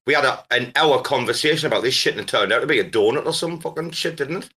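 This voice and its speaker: A man hosting a casual chat, teasing and swearing, breaking into loud laughs. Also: medium pitch, fast, slightly rough. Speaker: host.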